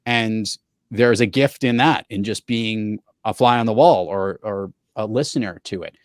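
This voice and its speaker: A man hosting a podcast in casual chat and telling anecdotes in a lively way. He is a professional speaker. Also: fairly low pitch, measured pace, no echo, clean studio sound. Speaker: podcast host.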